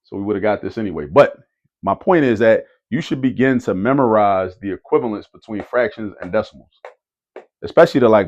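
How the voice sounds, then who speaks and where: A man giving a casual math lesson who repeats key words for emphasis and keeps checking in with "right?". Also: fairly low pitch. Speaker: math teacher. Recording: dull lo-fi audio.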